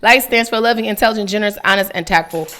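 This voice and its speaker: A woman's voice: medium pitch, rapid-fire, sharp tone. A woman hosting a casual faith vlog, chatty and giggly, talking straight to her viewers. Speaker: devotional vlogger.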